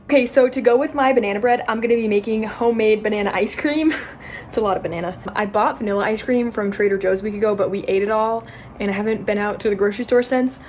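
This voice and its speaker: A woman's voice: medium pitch, quick pace, darkish tone, faint music behind. A woman co-hosting a cooking channel, chatting casually as she explains each step of a recipe. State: out of breath.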